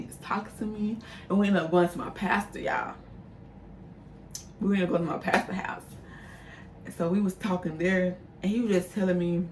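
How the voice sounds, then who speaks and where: A young adult woman with a fairly low voice casually tells a personal story to her viewers, chatty and addressing them directly as y'all. The mic is distant and she's a bit off-mic, with roomy echo and a faint background hum.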